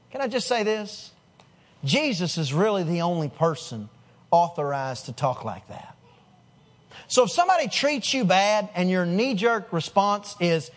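A man's voice: sits high, lively intonation, normal speed. A man preaching a sermon as pastor, in a conversational way, putting questions to the congregation and restarting his words.

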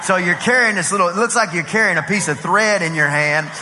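A male pastor preaching at a conference, telling a lively story and acting out the dialogue. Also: high-pitched, brisk. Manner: animated, acts out dialogue with voices and laughs. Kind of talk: storytelling sermon. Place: large conference hall. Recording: long hall reverb.

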